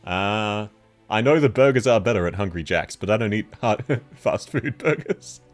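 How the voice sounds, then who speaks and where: A man's voice: fairly low pitch, expressive, normal speed, soft background music. A man with an Australian accent, chatting casually on a game stream, laughing often as he answers chat.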